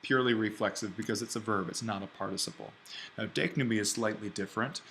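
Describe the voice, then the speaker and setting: A man teaching an online Greek grammar lesson, thinking aloud and slowing down to spell out each form. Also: on the low side, creaky, fairly bright tone, slight background noise. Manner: explains step by step, thinking aloud; slows down to spell out Greek forms.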